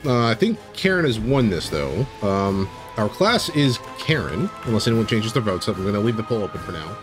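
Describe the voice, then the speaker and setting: A man's voice: on the low side, sing-song, a little fast, over music. A man streaming and game-mastering, reading an AI-written tabletop story live and breaking off to react to it.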